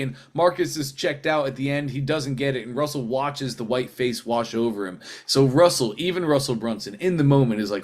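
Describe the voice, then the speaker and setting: A man coaching a group in a casual teaching talk, telling stories in a lively, rambling way and acting out what people said. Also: mid-range voice, brisk, few pauses. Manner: animated storyteller who acts out quotes; loose and rambling, with restarts. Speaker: sales training coach.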